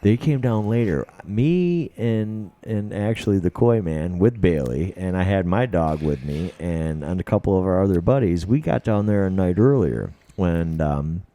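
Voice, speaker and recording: A man's voice: deep voice, lively intonation, moderate pace, few pauses, dark tone. A man telling profane, rambling stories as a podcast guest, repeating his words as he goes. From United States. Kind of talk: casual storytelling.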